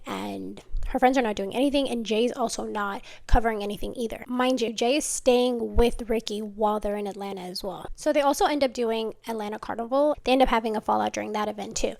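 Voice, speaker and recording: A woman's voice: a little high, gravelly. A woman telling a friendship drama story in a chatty, casual way, full of "like" and fillers. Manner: chatty, lots of "like", gossipy retelling. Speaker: commentary vlogger.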